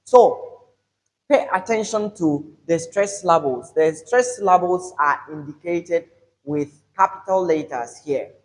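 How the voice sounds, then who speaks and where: A man's voice: fairly high pitch, measured pace, poor audio. A man teaching an English lesson on word stress, stretching out example words with emphasis. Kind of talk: classroom-style video lesson.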